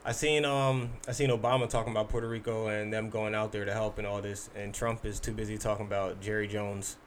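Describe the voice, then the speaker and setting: A man in casual podcast chat, telling stories in a slangy, animated way. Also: fairly low pitch, fairly quick, a little hiss or hum.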